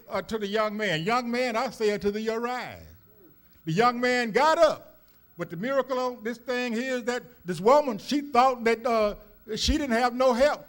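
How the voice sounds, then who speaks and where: In a church service recording, a male minister with an extremely high, fairly bright voice preaches a sermon. He tells stories in a folksy manner, using many fillers and rising emphasis.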